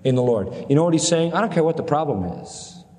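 A man preaching a sermon, animated, with his pitch leaping up on questions and dropping low and quiet for sad stories. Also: fast. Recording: long reverb of a large hall.

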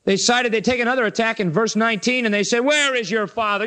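A male preacher with a high-pitched voice delivers a sermon. He retells the story dramatically, lifting his voice to act out the opponents. For the weightiest lines he sinks low and quiet. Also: quick pace, few pauses. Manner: dramatic retelling, acts out the Pharisees in a raised voice.

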